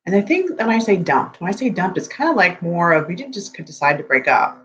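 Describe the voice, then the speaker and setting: A dating coach for tech men gives chatty, rambling advice on a live stream, often checking in with viewers with "okay?" and "right?". His mid-range voice is very animated, a little fast and a bit bright. Geek collectibles fill the room behind him, and the lo-fi audio is dull with a faint hum.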